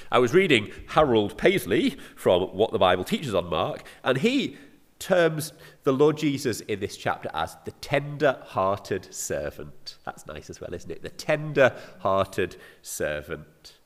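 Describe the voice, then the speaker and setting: A man's voice: medium pitch, big pitch swings, unhurried. A man with an English accent preaching a sermon, earnest and often asking his listeners rhetorical questions. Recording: reverberant hall.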